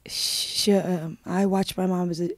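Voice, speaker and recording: A woman's voice: on the low side, flat delivery, unhurried, dry recording, clean studio sound. A woman, a guest in a live-streamed interview, telling her own story in a subdued, earnest way.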